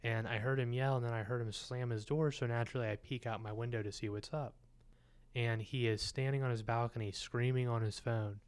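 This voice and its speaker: A man's voice: mid-range voice, steady tone, brisk, clear, resonant tone. A man co-hosting a film podcast, telling stories and joking in casual chat. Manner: storytelling, joking. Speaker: podcast co-host.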